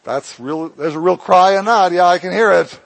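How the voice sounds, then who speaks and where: A man preaching a sermon as pastor of his church, impassioned, swinging between loud emphatic lines and hushed ones. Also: high voice, moderate pace, gravelly, rough recording.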